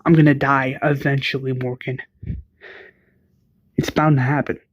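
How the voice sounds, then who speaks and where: A man voicing a despairing woman, speaking in a flat, resigned way. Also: mid-range voice, unhurried, lo-fi sound, natural voice. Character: despairing woman ready to give up.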